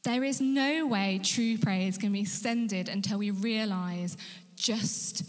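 A woman's voice: medium pitch, measured pace. Woman preacher, earnest, whispers for emphasis, rallies listeners, long hall reverb. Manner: rallies the congregation with questions. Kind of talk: sermon.

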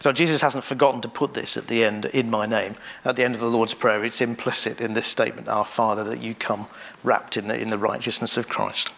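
A man preaching a sermon in a measured way, pausing often and restarting phrases. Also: medium pitch, fairly even intonation, creaky, bright, forceful tone.

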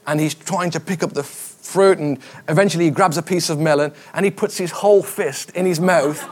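A man's voice: on the high side, normal speed. A middle-aged man, a pastor, preaching a conversational sermon, with stories and quoted voices.

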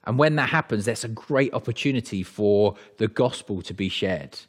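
Male preacher, lowish voice, casual sermon delivery that trips over its own starts. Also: animated, normal speed. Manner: conversational, with frequent restarts.

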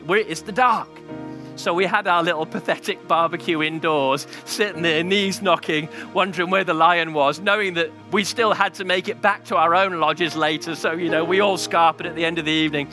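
A man's voice: fairly high pitch, steady tone, fairly quick, hardly any pauses, pushed and bright, soft background music. A male pastor preaching a sermon, telling a story and building to a passionate climax.

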